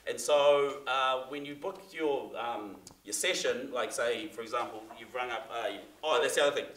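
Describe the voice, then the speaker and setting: A man's voice: mid-range voice, moderate pace, fairly bright tone, a little hiss or hum. A man giving a casual, chatty talk to a class, full of fillers and restarts. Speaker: seminar presenter. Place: theatre room. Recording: echoey room, mic from far off.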